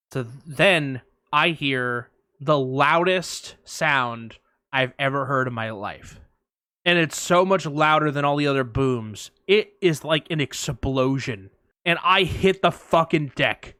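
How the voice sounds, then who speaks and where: A young man co-hosting a podcast, telling a long story in casual chat, animated, acting out quotes and swearing freely. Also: fairly high pitch, no room sound, studio quality. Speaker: podcast co-host.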